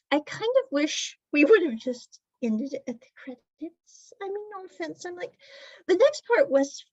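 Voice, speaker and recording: A woman's voice: high-pitched, darkish tone, slightly rough, no room sound, highs cut off. A woman casually recapping a drama episode, chatty and laughing often as she retells scenes. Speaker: drama reviewer.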